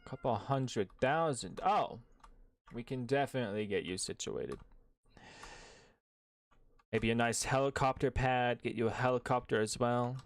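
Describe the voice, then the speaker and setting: A man voicing a smooth-talking male salesman at an arms shop in a tabletop game. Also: medium pitch, a little slow, long pauses, natural voice. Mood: salesy.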